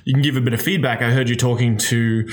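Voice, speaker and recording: A man's voice: medium pitch, steady tone, fast talker, slight background noise. A man hosting a podcast, chatting casually and joking with some hesitation. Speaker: podcast host. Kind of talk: casual chat.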